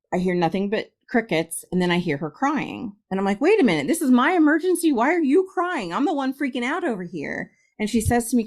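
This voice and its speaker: A middle-aged woman from Ohio, a guest medium, telling a story in a casual interview, laughing often and acting out quotes. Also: medium pitch.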